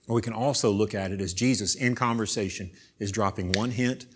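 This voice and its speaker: A man preaching a sermon, swinging between soft, intimate asides and loud, emphatic reading. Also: lowish voice, normal speed, hardly any pauses, heavy background noise.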